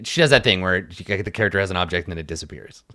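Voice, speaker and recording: A man's voice: low-pitched, lively intonation, very fast, bright, forceful tone, no echo, studio quality. A man narrating as game master, describing events loosely with many fillers.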